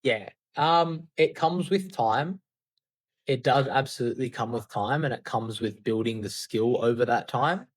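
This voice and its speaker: A man who founded an outbound sales agency talks candidly and loosely as a podcast guest in casual interview talk, dropping the odd swear word and plenty of "like." His voice sits in an ordinary middle range at a measured pace. The recording is dry and close, with no room sound.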